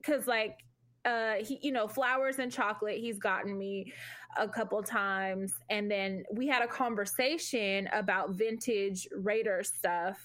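A woman's voice: mid-range voice, fairly even intonation, measured pace, a bit bright. A young adult woman co-hosting a podcast, telling a story in casual chat, swearing freely and laughing along. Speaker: podcast co-host.

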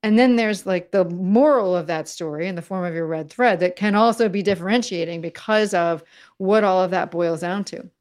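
A woman guest in an interview, talking in an animated way, often restarting her sentences and using fillers like "like" and "you know". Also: fairly low pitch, moderate pace. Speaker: guest, messaging consultant. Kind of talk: conversational interview.

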